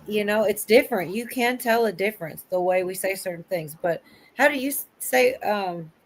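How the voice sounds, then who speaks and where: A woman's voice: medium pitch, animated, normal speed, slight background noise. A woman with a Kentucky accent hosting a livestream, rambling and trailing off as she corrects herself. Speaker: livestream host. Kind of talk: casual chat.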